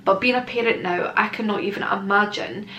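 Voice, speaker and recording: A woman's voice: mid-range voice, fairly quick, bright, forceful tone. A young woman chatting candidly and emotionally in a casual Q&A vlog, swearing now and then. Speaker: vlogger. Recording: echoey room with faint noise.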